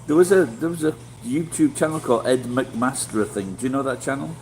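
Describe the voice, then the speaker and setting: A middle-aged Yorkshire man chats with his live viewers in a loose, rambling way, blunt and quick to swear. His voice sits at an ordinary pitch for a man. There is a faint hum of noise behind him. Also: a little mellow, rough recording. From Yorkshire, England. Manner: rambling and blunt, swears freely, many restarts. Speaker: vlogger chatting with live viewers. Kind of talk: casual livestream chat.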